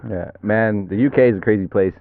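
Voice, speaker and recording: A man from England chats loosely on a podcast, swearing and laughing now and then. His voice sits very low. The sound is tinny and phone-like. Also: fairly quick, a crowd in the background. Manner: laid-back, swearing, laughs often. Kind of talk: casual chat.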